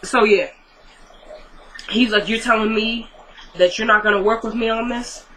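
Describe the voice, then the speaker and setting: Chatty bright-voiced TV recapper. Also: medium pitch, steady tone, a little hiss or hum, poor audio. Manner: retells scenes in quick paraphrased dialogue, chatty and opinionated. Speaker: TV episode recapper. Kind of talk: casual recap of a TV episode.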